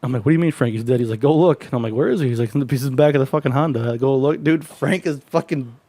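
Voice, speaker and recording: A man's voice: mid-range voice, very fast, mellow, dry recording. A man co-hosting a casual podcast, telling rambling, profane stories and laughing through them. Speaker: podcast co-host. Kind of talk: casual storytelling chat.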